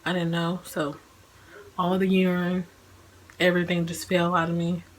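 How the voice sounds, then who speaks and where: A woman in her twenties vlogs a casual personal story in a fairly low, monotone voice at normal speed, laughing as she talks and using "like" often. The recording is rough, with slight background noise.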